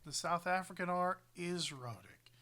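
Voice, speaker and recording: A man's voice: sits high, lively intonation, measured pace, sharp tone. A young man co-hosting a podcast in casual chat, explaining things at length and correcting his co-host.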